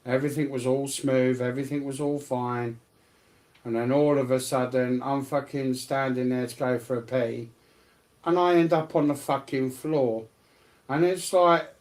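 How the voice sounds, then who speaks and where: A man co-hosting a casual late-night chat, swearing freely and telling stories in an animated way. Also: medium pitch. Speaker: co-host of a live stream.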